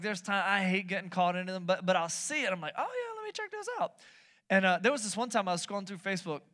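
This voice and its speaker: A man preaching a sermon, playful and lively, asking the audience questions and joking between points. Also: high voice. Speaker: pastor.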